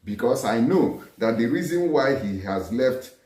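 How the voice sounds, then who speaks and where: A man's voice: mid-range voice, lively intonation, unhurried, darkish tone. A man from Nigeria giving combative, scolding commentary on news clips. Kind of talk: opinionated commentary over clips. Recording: roomy echo.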